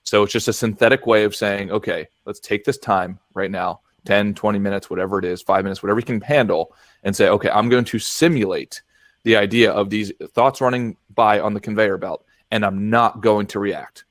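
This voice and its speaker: A man hosting a podcast, explaining ideas step by step in a measured, conversational way. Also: on the low side, fairly even intonation, no echo, studio quality. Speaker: podcast host. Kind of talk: casual conversation.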